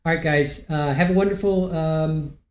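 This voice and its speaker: A man's voice: on the high side, fairly even intonation, moderate pace. A man hosting a livestream, wrapping up in a casual, rambling way and correcting himself often. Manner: rambling, self-correcting, friendly. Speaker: livestream host. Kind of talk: casual livestream sign-off chat.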